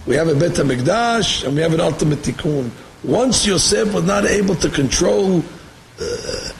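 A man teaching a Torah sermon, firing rhetorical questions and reading quotes quickly. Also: on the high side, vocal fry, a little hiss or hum, poor audio. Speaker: rabbi giving a Torah class. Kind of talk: Torah sermon mixing English and Hebrew.

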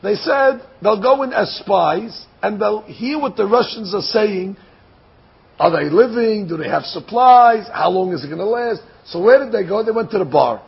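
High, gravelly man telling a sermon story. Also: moderate pace, dull audio. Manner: animated storytelling, acts out dialogue, repeats phrases.

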